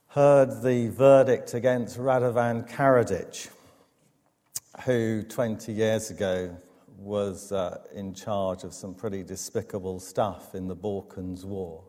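Slow, deep-voiced preacher in a reverberant church. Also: male voice, warm tone. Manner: measured, emphatic preaching with dramatic pauses. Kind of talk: sermon.

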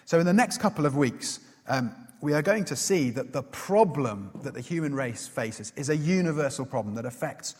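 A man preaching a sermon in an earnest manner, putting questions to his listeners and pausing often with "uh". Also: a little high, a little mellow, husky. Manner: earnest, asks the listeners questions, many "uh" fillers. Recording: long reverb of a large hall.

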